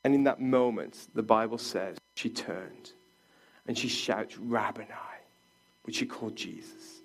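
A man preaching a sermon as a pastor, earnest, sometimes dropping to a hush for quoted words. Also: on the low side, unhurried.

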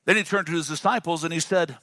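A male pastor with a fairly high voice delivers a dynamic sermon. He calls on the congregation to say words back to him. The sound is dry and close. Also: fast talker, pushed and bright, dry recording. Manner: dynamic, call-and-response with the congregation.

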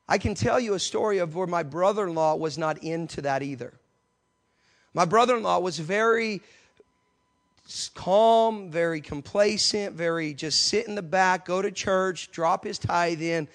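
High-voiced preacher man. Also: normal speed. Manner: passionate preaching with sudden loud outbursts and acted quotes. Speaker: pastor. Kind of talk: sermon. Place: church.

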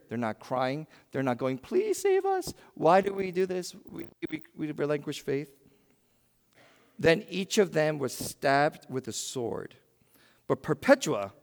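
A man preaching a sermon in a church, swinging between loud emphatic bursts and hushed, quiet lines. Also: medium pitch, long reverb tail. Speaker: pastor.

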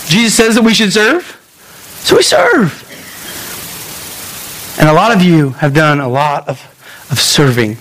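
A man pastor preaching a sermon in a lively storytelling way, acting out voices and making quick asides. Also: high voice, a little hiss or hum, rough recording.

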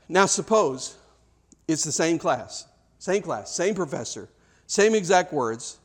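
High-voiced preacher, animated and chatty. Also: male voice, slow pace, long pauses, slightly rough. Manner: animated, conversational preaching with repeated restarts. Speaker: pastor. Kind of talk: sermon.

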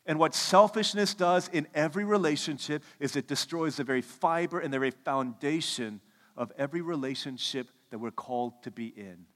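A man in his thirties preaching a sermon, telling stories and acting out the quotes with lively energy. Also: on the high side, a little fast. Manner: animated storytelling, acts out quotes. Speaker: pastor. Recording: echoey hall reverb.

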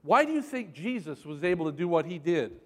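Male pastor mid-sermon: high-pitched, playful, bursts into shouts, with a long echo in the church hall. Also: very animated, brisk. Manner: shouts for emphasis, jokes with congregation.

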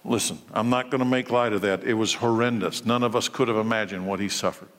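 A man preaching a sermon, his voice surging high and loud at its peaks, then sinking low and quiet. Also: fairly even intonation, quick pace, long reverb tail. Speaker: pastor.

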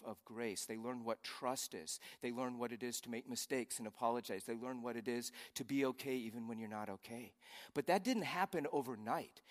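A man preaching a conversational sermon, swinging between soft asides and loud emphatic lines. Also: medium pitch, long reverb tail. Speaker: pastor.

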